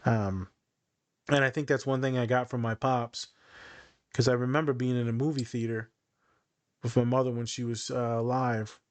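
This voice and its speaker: With a mid-range, darkish voice and a level tone, this man in his thirties hosts a podcast and speaks at a moderate pace broken by long pauses. He tells emotional personal stories in a casual way, voicing the quotes of the people involved.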